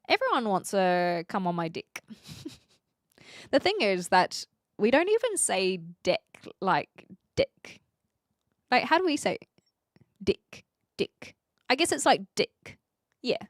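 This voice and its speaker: A woman's voice: medium pitch, very animated, measured pace, long pauses, no room sound, clean studio sound. A woman from New Zealand with a Kiwi accent, chatting casually with viewers on a live stream, upfront and laughing often.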